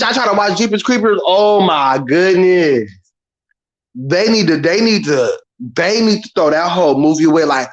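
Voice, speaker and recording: Man around thirty, casual vlog rant, slightly high voice, dull lo-fi sound, loud and theatrical. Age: about 30. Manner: animated, profane, dramatic, imitates screams. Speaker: vlogger.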